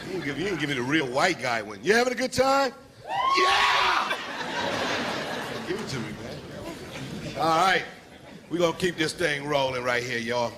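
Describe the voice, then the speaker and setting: High-voiced hype man working a crowd. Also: very animated, moderate pace, long pauses. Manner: loud, hype, rallying the audience. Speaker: comedy club emcee. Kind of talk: hyping up a live crowd. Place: comedy club stage. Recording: roaring crowd, loud club noise. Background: cheering crowd.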